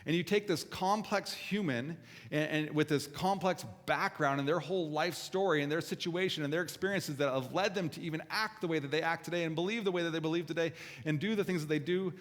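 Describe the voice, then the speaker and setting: Earnest pastor in a reverberant hall. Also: male voice, on the high side, a little fast. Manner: earnest, self-deprecating, with asides to the congregation. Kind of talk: conversational sermon. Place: church auditorium.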